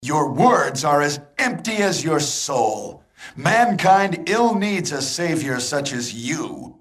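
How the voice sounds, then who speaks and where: A heroic vampire hunter from an old video game who declaims every line with grand, overblown passion. His voice sits a touch high and swoops widely, drawn out slowly with a breathy edge. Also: very animated, full character voice. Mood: scornful. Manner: melodramatic, overacted declamation.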